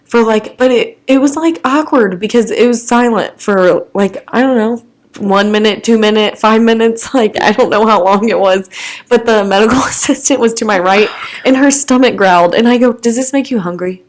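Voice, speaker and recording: A woman's voice: on the high side, normal speed. Chatty young woman swearing through a story. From American Midwest. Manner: chatty, laughs often, many "like" fillers, swears freely. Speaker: podcast co-host. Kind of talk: casual chat, storytelling.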